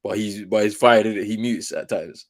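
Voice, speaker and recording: A man's voice: on the low side, moderate pace. A man co-hosting a casual football watchalong, talking in laid-back, slangy banter. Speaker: co-host.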